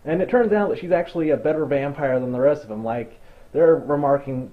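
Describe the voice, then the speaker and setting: A man's voice: medium pitch, quick pace, lo-fi sound. A young man giving a sarcastic, profanity-laced movie recap, ranting and mocking the plot. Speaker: movie reviewer.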